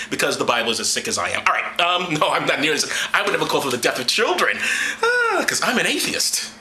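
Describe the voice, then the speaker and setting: A man's voice: fairly high pitch, sing-song, quick pace, bright, forceful tone, reverberant, a little hiss or hum. A man giving crude, sarcastic commentary and reading aloud in a mocking tone. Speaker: vlogger.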